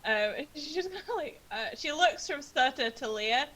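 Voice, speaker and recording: A woman's voice: high voice, lively intonation, moderate pace, a bit bright, poor audio. A woman running a tabletop game as game master, narrating with frequent laughter and rambling asides. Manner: giggly, rambling.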